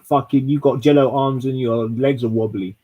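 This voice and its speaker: A man's voice: medium pitch, steady tone, moderate pace, phone-quality sound. A man from London throwing crude, swear-heavy freestyle insults in a trash-talk battle.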